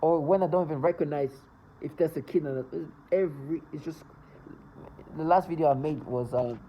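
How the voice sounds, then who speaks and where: A man's voice: on the high side, brisk, highs cut off, a little hiss or hum. A man talking to camera in a casual, rambling monologue, agitated and full of stumbles and restarts. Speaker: vlogger.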